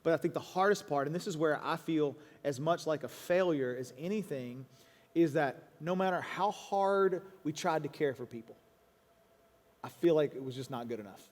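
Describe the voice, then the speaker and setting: A man speaking as a pastor to a congregation in a church auditorium. He is earnest, with quick restarts and quoted asides. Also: a little high, darkish tone. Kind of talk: stage conversation to a congregation. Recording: long hall reverb.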